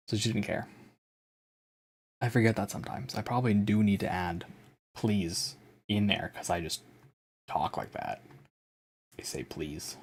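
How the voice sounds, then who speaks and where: A man's voice: fairly low pitch, normal speed, pauses often, darkish tone, slightly rough. A male streamer in casual chat, exasperated and self-mocking as he repeats the same command over and over.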